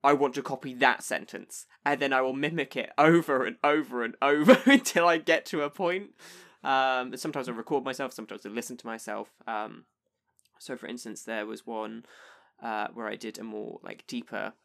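A man co-hosting a podcast, talking through his own role-play experience in a relaxed, easy manner. His voice sits at an ordinary middle pitch. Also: moderate pace, gravelly. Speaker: podcast co-host. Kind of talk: casual chat about tabletop role-play.

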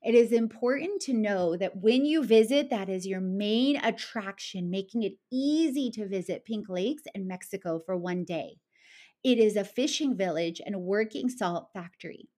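A woman's voice: medium pitch, animated, normal speed, dark tone. A woman travel vlogger running through a numbered list of trips in an upbeat, enthusiastic way, now and then correcting herself. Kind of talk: travel list vlog narration.

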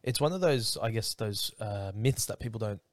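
A man's voice: on the low side, expressive, normal speed, dry recording. A man hosting a casual podcast interview, offering short, supportive replies to his guest. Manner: supportive, brief affirmations. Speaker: podcast host.

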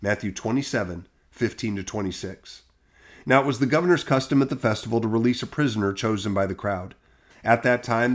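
Man steadily reading scripture aloud. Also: mid-range voice. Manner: steady measured reading, quotes lightly voiced. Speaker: scripture reader. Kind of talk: Bible reading.

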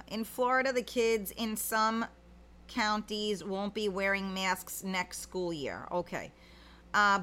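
Chatty bright-voiced New woman. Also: medium pitch, slight background noise. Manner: chatty, rambling, many fillers. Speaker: livestream host. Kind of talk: casual chat reading viewer comments.

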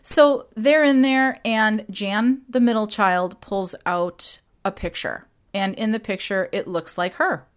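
A woman hosting a podcast, retelling a story casually with animated, quick impressions. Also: mid-range voice, clear, resonant tone. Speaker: podcast host.

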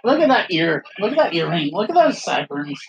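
A man's voice: high-pitched, very animated, a little fast, lo-fi sound. A young man chatting casually on a podcast while watching old footage, laughing often and swearing freely. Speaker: podcast co-host. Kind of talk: casual watch-along commentary.

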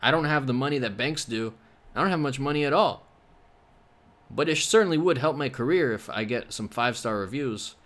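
A young Canadian man talks into his solo podcast in an easy, meandering way. He jokes and drifts between tangents with a sarcastic edge. His voice sits in an ordinary middle pitch. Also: lively intonation, brisk, a bit bright. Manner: rambling, joking, sarcastic asides. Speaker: podcast host. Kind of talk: casual solo podcast chat.

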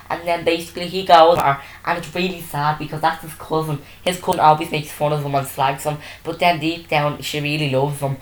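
Woman, podcast host, deep-ish voice, rambly casual chat, roomy room sound. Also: little pitch movement, a little fast, hardly any pauses. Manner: rambling, self-interrupting storytelling with many fillers. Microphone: desk microphone.

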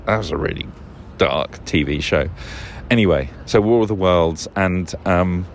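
A man's voice: low voice, unhurried, gravelly, a little hiss or hum. A man talking casually and at length on his own, often losing a word, correcting himself and swearing. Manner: rambling, swears, loses words, self-corrects; chuckles often. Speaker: podcast host. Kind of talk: rambling casual monologue.

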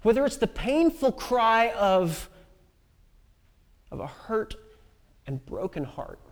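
A woman preacher gives a personal testimony with a lively, swooping pitch and sudden drops to near-whispers. Her voice rings out with a long reverb, as if recorded in a large hall. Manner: expressive storytelling with pauses and sudden soft drops.

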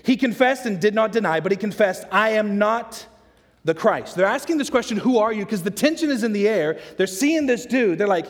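Animated preacher with a high voice. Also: male voice, a little fast. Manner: animated, acts out the questions and answers of the story. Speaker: pastor. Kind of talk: sermon. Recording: long hall reverb.

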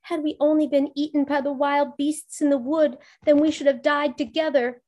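A woman voicing a frightened, tearful little girl in a storybook reading, in a high, pleading voice. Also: expressive, a little slow, exaggerated voice.

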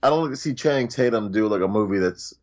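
A man's voice: lowish voice, expressive, a little mellow, muffled recording. Blunt, slangy male movie reviewer. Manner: blunt, slangy, quick asides. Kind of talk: casual movie review chat.

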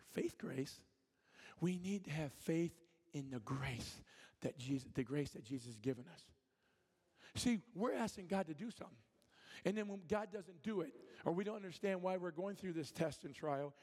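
A man preaching a fervent, rousing sermon as a guest speaker, asking the congregation questions. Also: high voice. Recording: long reverb of a hall.

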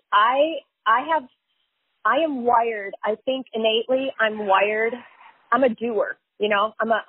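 A fairly high, husky-voiced woman talks on a dry phone-line recording. As a chiropractor and life coach being interviewed, she tells her story openly and with emphasis, repeating herself and using many fillers.

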